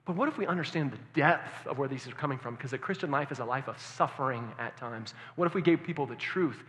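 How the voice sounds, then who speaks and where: Male pastor, sermon, bright forceful voice, hushed to loud swings, long hall reverb. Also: mid-range voice, fast talker, few pauses. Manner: engaging, asks the congregation questions.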